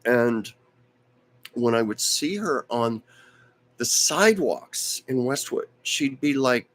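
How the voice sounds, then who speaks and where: A man's voice: medium pitch, expressive, slow pace, a bit bright. A man hosting a live stream, telling a rambling story with many asides, his voice strained and fading in and out. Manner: rambling, anecdotal, with frequent asides and restarts. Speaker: host.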